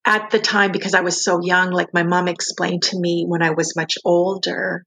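A woman's voice: fairly low pitch, level tone, normal speed, creaky, fairly bright tone, slightly rough. A woman guest in an interview, recounting a personal experience in an earnest, reflective way with frequent "like" fillers.

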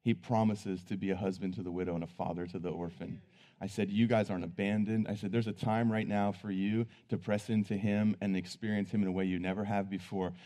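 A man's voice: fairly low pitch, level tone, a little fast, mellow. A man preaching, telling a personal story in an earnest, conversational way. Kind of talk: sermon storytelling.

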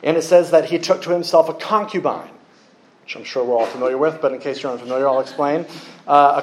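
A man preaching a sermon, lively and joking with the congregation. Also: on the high side. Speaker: pastor.

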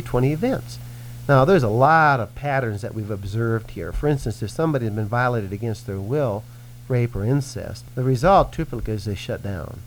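The rough recording, with slight background noise, captures a man in the role of a Christian minister. Using a mid-range voice, he teaches earnestly in a radio-style conversation, animatedly acting out the voices he quotes.

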